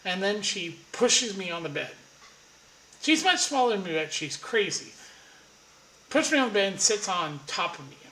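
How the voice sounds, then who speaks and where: Brief: male storyteller, bright forceful tone, blunt and crude, echoey room. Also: sits high, very animated, normal speed, long pauses. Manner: blunt, profane, rambling. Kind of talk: casual anecdote storytelling.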